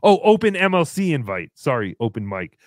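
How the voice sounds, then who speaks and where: High-voiced goofy livestream host man. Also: very animated, fairly quick, no room sound, studio quality. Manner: goofy, mocking, jumps into loud cheers. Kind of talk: casual comedy livestream chat.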